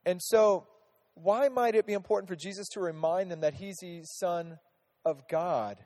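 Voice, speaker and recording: A man's voice: sits high, moderate pace, a little mellow, in a large hall. A man teaching a casual Bible lesson to a group, chatty, asking them questions and restarting his sentences often.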